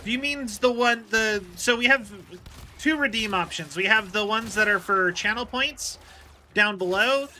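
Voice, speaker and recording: Heard with a little hiss or hum, a high-voiced man streams a video game at normal speed, his voice pushed and bright. He's a rambling livestreamer who chats casually and explains at length with lots of fillers.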